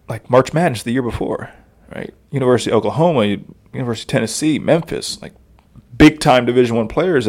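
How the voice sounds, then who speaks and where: A man in his thirties, a podcast guest telling stories in an animated way and laughing often. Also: medium pitch. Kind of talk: casual storytelling.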